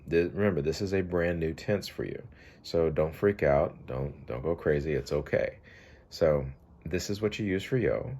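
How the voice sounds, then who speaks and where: A middle-aged man, a Spanish teacher, giving a recorded online lesson in a relaxed, chatty way with many fillers. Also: very deep voice, a little hiss or hum.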